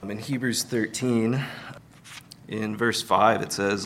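A man giving a conversational Sunday sermon, relaxed, with many fillers and light humor. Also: lowish voice, slow pace, long pauses, a little hiss or hum. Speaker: preacher.

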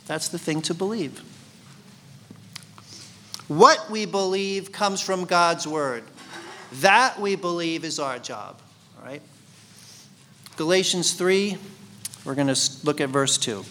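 A man's voice: fairly high pitch, expressive, slow, long pauses, pushed and bright, slight background noise. A man teaching a Bible study sermon in a conversational way, asking his listeners questions. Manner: conversational, asks the congregation questions.

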